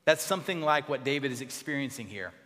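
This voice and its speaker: A pastor preaching a sermon in a church, expressive, dropping to soft tones for emphasis. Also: male voice, mid-range voice, quick pace, in a large hall.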